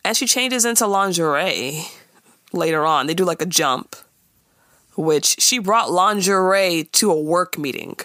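Animated woman recapping a show. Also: fairly low pitch, unhurried, dry recording, clean studio sound. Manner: laughing, acting out characters' lines. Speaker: podcast co-host recapping a TV episode. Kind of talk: casual chat.

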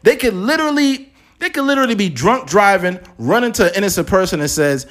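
A man's voice: high voice, fast talker. Blunt, profane male podcast host. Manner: blunt, profane, animated storytelling. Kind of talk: casual podcast chat.

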